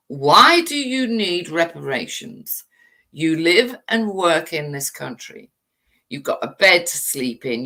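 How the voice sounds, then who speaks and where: An English woman with a lowish, bright, edgy voice that swings widely in pitch. She rants angrily at her channel's audience, swearing freely and firing off rhetorical questions. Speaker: channel host. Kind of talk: livestream rant.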